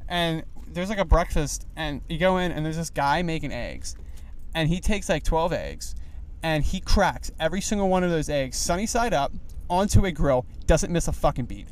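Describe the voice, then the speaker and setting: A young man hosting a solo podcast while driving, rambling in a loose, animated way with lots of fillers. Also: on the high side, moderate pace. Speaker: podcast host. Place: inside a car.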